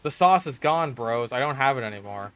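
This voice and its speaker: A man's voice: medium pitch, expressive, brisk, fairly bright tone, clean tone, no echo. A young man giving casual gameplay commentary while he plays, swinging between mutters and frustrated, swearing outbursts. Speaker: gaming streamer.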